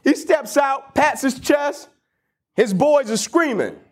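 A man's voice: very high voice, lively intonation, takes it slowly. A man giving a motivational talk, retelling a story in casual slang with rhetorical questions. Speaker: motivational speaker.

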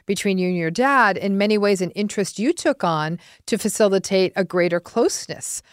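A woman hosting a podcast interview, reflecting back on a guest's story in a measured, analytical way. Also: medium pitch, lively intonation, clean tone, no room sound, clean studio sound. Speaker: podcast host and psychologist.

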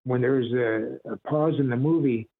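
There's vocal fry and a breathy edge to this middle-aged Ohio man's mid-range voice, which moves at normal speed. A voice actor guesting over tinny phone-line audio, he tells stories casually, animated, slipping into impressions and chuckling often.

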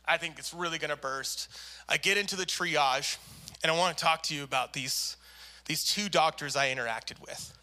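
Man, pastor, storytelling sermon, animated, acts out characters, high tense voice. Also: moderate pace.

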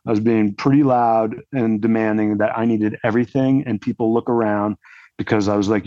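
A man's voice: on the low side, fairly even intonation, normal speed, mellow, no room sound. Rambling man with dull lo-fi sound. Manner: rambling, heavy use of "like" fillers. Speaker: podcast guest. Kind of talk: casual storytelling. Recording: dull lo-fi dry audio.

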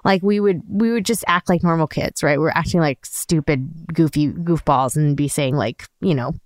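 A woman in her thirties with a lowish voice chats as a podcast co-host, animated and full of "like" fillers. The sound is dry and close, with no room around it. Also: normal speed, no echo. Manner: animated storyteller, fills with "like". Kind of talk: casual chat.

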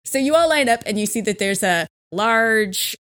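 A woman game master narrates a tabletop scene in a playful voice, somewhat high and very lively in pitch. The sound is dry and close, and she laughs often. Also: moderate pace, dry recording.

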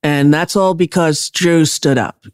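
A woman's voice: low voice, unhurried, darkish tone, no echo. Woman hosting her podcast, chatty and rambling, lotsa ums, very dry sound. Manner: rambling, with frequent fillers and restarts; enthusiastic when introducing a guest. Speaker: podcast host. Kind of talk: casual chat.

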